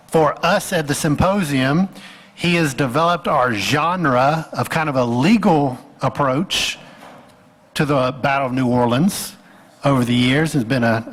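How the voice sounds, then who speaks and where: A man with a fairly high voice introduces the next speaker at a symposium and reads out his background. His voice rings with the long echo of a large hall. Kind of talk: formal introduction. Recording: echoey hall.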